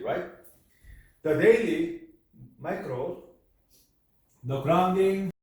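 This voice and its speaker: A man lecturing a class in halting, repetitive English. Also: sits high, darkish tone. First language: Korean. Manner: halting, repetitive, broken phrasing. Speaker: university lecturer. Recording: echoey room, mic far off.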